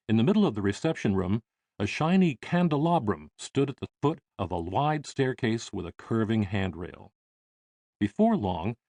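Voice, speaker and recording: A man reading an audiobook in measured, expressive scripted narration. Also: lowish voice, dry recording.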